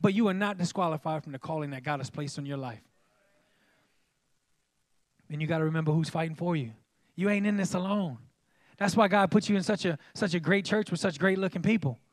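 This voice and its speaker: A man's voice: on the high side, a little fast, pauses often, no echo. A man preaching a sermon as pastor, emphatic and folksy, repeatedly calling out to the congregation.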